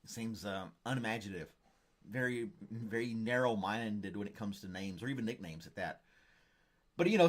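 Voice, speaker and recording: Hosting a casual live stream, a man chats with viewers and reads out their comments. He drifts from joke to joke in a relaxed, offhand, rambling way, his voice at an ordinary mid pitch.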